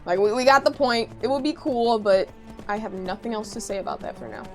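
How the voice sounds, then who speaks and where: A woman streamer chatting casually while playing a game, reacting loudly and reading chat messages aloud, with game music behind her. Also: a little high, brisk. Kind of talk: casual live gameplay chat.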